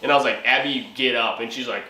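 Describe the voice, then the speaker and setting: A man's voice: mid-range voice, steady tone, quick pace, sharp tone. A young man in casual comic storytelling, profane and laughing, acting out his own lines as he tells it. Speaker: channel host. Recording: echoey room with faint ambient noise.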